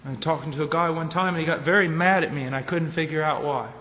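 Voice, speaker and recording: A man preaching at a conference, emphatic, ranging from low, quiet statements to shouted points. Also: fast. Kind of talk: conference sermon. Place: large conference hall. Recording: echoey hall with faint noise.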